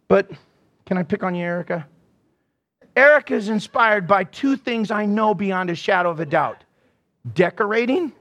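High-voiced, animated preaching man. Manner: animated storytelling, acts out quotes and laughs often. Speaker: pastor. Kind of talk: sermon. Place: church.

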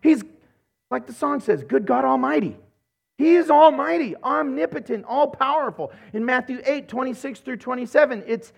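A middle-aged male pastor with a fairly high voice delivers a sermon. He preaches in an animated, playful way and slips into short acted-out voices as he tells stories. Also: normal speed, gravelly. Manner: animated, playful, acts out voices in his retellings.

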